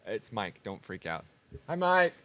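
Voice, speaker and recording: A man co-hosting a podcast in a relaxed, joking manner, reading out listener comments and talking about shop plans. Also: lowish voice, a little slow. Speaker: podcast co-host. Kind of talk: casual podcast chat. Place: small machine shop studio.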